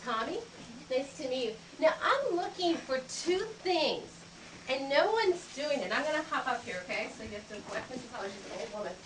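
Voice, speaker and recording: A woman's voice: high-pitched, lively intonation, fairly quick. A woman etiquette instructor teaching a group of children, upbeat and teacherly, acting out greetings and handshakes. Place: library program room. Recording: echoey room, distant mic, background noise.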